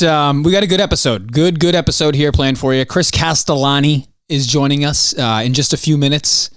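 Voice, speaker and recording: A young man hosting a podcast, hoarse and losing his voice, ranting heatedly with plenty of swearing. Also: medium pitch, no echo, clean studio sound. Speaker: podcast host. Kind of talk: casual podcast monologue.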